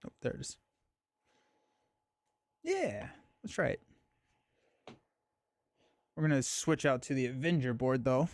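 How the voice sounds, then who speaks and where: A man's voice: mid-range voice, big pitch swings, slow pace, pauses often, darkish tone. A man hosting a live stream, chatting casually and thinking aloud, with frequent fillers and restarts.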